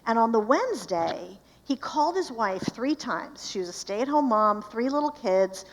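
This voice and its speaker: A woman's voice: on the high side, very animated, normal speed. A woman speaking at a church marriage conference, telling a story with animation and asking the audience questions. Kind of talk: storytelling talk to a live audience.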